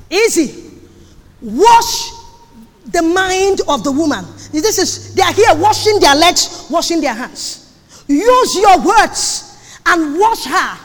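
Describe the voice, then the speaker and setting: A woman preaching a sermon on marriage, emphatic and repetitive, sometimes breaking into shouts. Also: very high-pitched. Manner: emphatic, repeats phrases, sudden shouts. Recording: long hall reverb.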